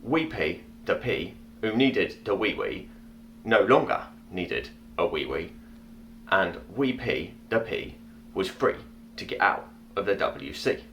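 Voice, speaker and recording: Man performing a celebrity impression: very low voice, earnest and deliberate storyteller, faint line hiss. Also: lively intonation, a bit bright, full character voice. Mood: storytelling. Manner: earnest, deliberate reading of tongue-twisting rhymes. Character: male celebrity impression, a grown man reading a silly story. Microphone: webcam or laptop mic on a video call.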